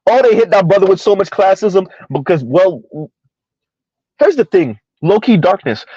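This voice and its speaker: A man's voice: high voice, darkish tone, slightly rough, no echo, highs cut off. A man from the US South giving sarcastic, mocking reaction commentary and reading out chat comments. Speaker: commentary streamer.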